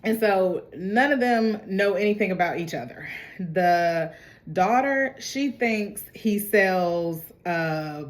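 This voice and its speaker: A young woman talks through a TV episode in a loose, chatty way. She drops into quick impressions of the characters as she retells the plot, then slips back into her own easy slang. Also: medium pitch, expressive. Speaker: TV recap host. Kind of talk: casual recap chat.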